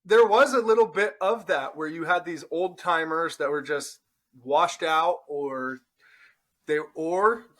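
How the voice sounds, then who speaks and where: A man's voice: fairly high pitch, unhurried, a bit bright. A man hosting a podcast, asking questions in a casual chat and hedging his opinions, often tagging his lines with "right?". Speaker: podcast host.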